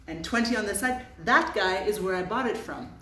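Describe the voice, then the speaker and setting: A woman voicing a scatterbrained aunt who gives brisk, bossy orders, pitched a little higher than her own voice. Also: bright, forceful tone, a little hiss or hum, close to an everyday voice. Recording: roomy sound from a distance.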